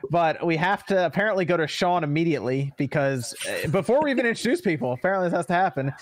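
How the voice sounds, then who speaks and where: A man hosting a podcast, opening the episode in a relaxed way and laughing easily. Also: on the high side, fast. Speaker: podcast host.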